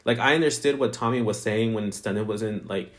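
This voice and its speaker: Guy chatting about reality tv, lots of ums and likes, a bit low-voiced. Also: fairly quick. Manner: rambling, filler-heavy, chatty. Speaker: reality TV reviewer. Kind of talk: casual review chat.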